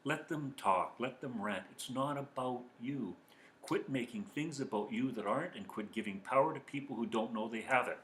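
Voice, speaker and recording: A man giving calm, earnest self-help advice as a coach speaking to viewers. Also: medium pitch, normal speed. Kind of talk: motivational talk to viewers. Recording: echoey room.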